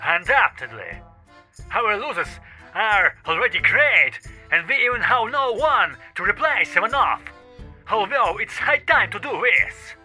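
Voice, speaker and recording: A man voicing grumpy elderly male Soviet officials on the phone, raspy and indignant, in an audiobook with faint music. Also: high-pitched, sing-song, a little slow, bright, forceful tone, voice pushed up, exaggerated voice, rough recording. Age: older. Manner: indignant, scolding. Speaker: multi-voice audiobook character. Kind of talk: audiobook character voice.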